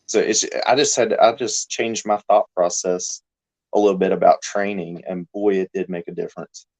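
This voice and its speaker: Male chat guest, very deep voice, reflective and measured. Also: steady tone, a little mellow, low-quality recording. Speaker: livestream regular. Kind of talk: casual chat.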